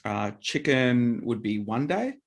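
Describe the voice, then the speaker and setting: A man co-hosts a relaxed health conversation. His voice sits at a middling pitch, and he talks in loose, rambling runs, often starting a sentence over. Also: slow. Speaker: co-host. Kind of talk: casual health chat.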